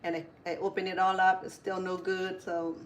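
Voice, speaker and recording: During her relaxed cooking demo, this middle-aged chef speaks at normal speed in a lowish voice with little pitch movement, against a bit of background noise. She chats freely, wanders off into anecdotes, and fixes her own words partway through sentences.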